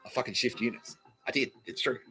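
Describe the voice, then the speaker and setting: Australian man, young, comedy podcast host, swearing and laughing, bright tone, faint music behind. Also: medium pitch, fast. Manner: profane, laughing, acts out quoted people. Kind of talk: comedic storytelling monologue.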